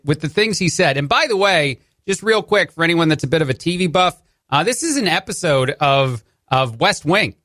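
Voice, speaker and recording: A man's voice: a little high, fairly bright tone, no echo, studio quality. A man from New Jersey with a Jersey accent, filling in as a talk radio host with conversational, sarcastic commentary. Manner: conversational, sarcastic asides, frequent "uh" restarts.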